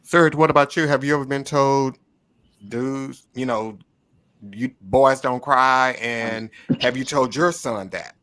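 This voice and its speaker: Guy hosting a podcast, bright sharp voice, quick follow-up questions. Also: mid-range voice, steady tone. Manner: asks short follow-up questions. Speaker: podcast host. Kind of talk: casual podcast interview.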